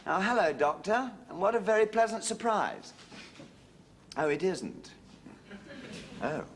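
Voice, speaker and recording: A man's voice: unhurried, slight background noise, heavily acted. An actor playing a charming, wheedling, womanizing middle-aged husband in a sitcom. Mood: flustered. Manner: charming, wheedling, with lively pitch swings. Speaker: philandering husband. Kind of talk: studio sitcom acting.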